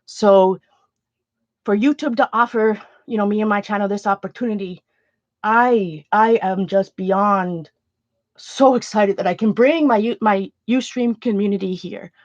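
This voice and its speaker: A woman hosting an art channel, talking casually to her viewers in a halting, emotional way, close to tears. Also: medium pitch, dry recording, dull audio. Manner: emotional, halting, many restarts. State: near tears. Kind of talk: casual livestream chat to viewers.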